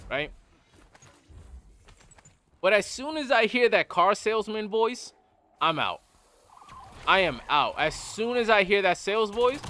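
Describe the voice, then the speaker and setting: A man's voice: fairly high pitch, normal speed, long pauses, slight background noise. A man streaming a game, giving his blunt opinions in casual chat and often repeating himself. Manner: blunt, animated, repeats phrases. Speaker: gaming streamer. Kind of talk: casual opinion talk while gaming.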